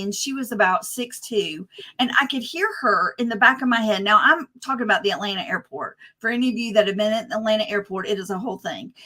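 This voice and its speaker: A woman on a conference panel teaching nonviolence, telling personal stories with animated humor. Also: fairly high pitch. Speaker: panel speaker, nonviolence educator. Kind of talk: storytelling on a panel. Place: conference stage.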